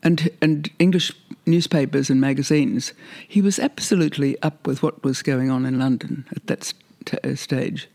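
A man's voice: medium pitch, normal speed, hardly any pauses, darkish tone. An older man being interviewed, reminiscing in a rambling, hesitant way with frequent laughs. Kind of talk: reminiscing conversation.

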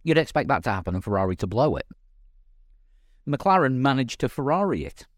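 Co-host, English man, wry banter, very animated pitch, dry sound. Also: brisk, no room sound. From England. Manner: wry, lively, laughs easily. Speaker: podcast co-host. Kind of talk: casual chat.

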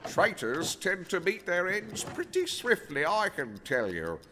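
Yorkshire guy doing comedy sketches, blunt gruff delivery, voice jumps around a lot, noisy background. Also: high-pitched, wildly swooping pitch, a little slow, bright, forceful tone.

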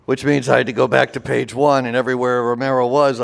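A man from Baltimore chats as an interview guest, spinning lively stories. His voice sits at an ordinary middle pitch, and he slips into quoted voices as he goes. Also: quick pace, gravelly. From Baltimore, USA. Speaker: guest, voice performer and recording artist. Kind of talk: casual interview storytelling.

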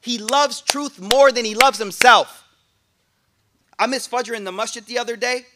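A man giving a lively, joking sermon to a class, speaking in casual slang. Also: extremely high pitch, normal speed, background noise. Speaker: sheikh giving a talk. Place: room with a listening audience.

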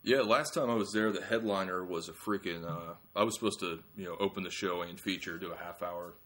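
A young adult man, a comedian, telling rambling self-mocking stories in casual podcast chat, acting out quick quotes. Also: low-pitched, fairly bright tone. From small-town Ohio. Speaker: comedian guest.

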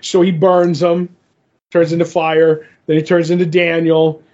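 A man's voice: a little high, level tone, unhurried, a little mellow. A man on a podcast retells a comic story in a loose, rambling way, with a slightly raised voice. The recording sounds dull and lo-fi. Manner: rambling retelling, acting out quotes. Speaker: podcast co-host. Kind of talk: casual comic book recap.

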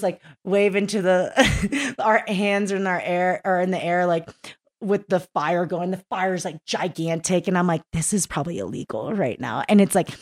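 Laughing, rambling woman from East Texas. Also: fairly low pitch. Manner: animated, laughing, rambling storyteller. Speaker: podcast guest, climbing guide. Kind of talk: casual podcast chat. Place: recorded in a mountain town in Colorado.

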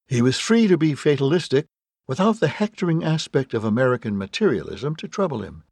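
Gravelly wry male audiobook narrator. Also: medium pitch, brisk, no room sound. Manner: wry, deadpan storytelling. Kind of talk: scripted narration.

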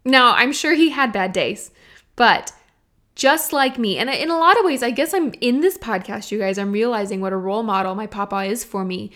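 A young woman from Texas talks through her solo podcast. She sounds chatty and earnest, speaking straight to her listeners in a voice that sits a little high. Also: expressive, normal speed. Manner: warm, chatty and earnest, addressing listeners directly. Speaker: podcast host. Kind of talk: casual solo podcast talk.

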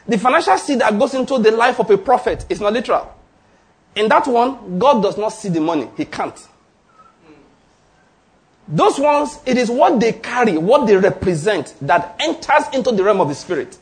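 A man preaching a sermon to a congregation, quizzing them with call-and-response questions and repeating his points emphatically, with an occasional laugh. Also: high-pitched. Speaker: pastor. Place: church before a congregation.

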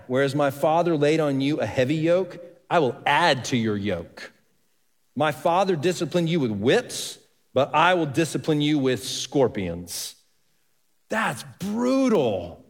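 A male pastor preaching a sermon, reading scripture aloud and asking the congregation questions. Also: a little high. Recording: reverberant hall.

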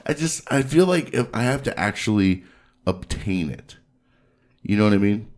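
Low-voiced man telling crude stories. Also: moderate pace. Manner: profane, animated, laughs between lines. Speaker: podcast host. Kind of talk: casual crude storytelling.

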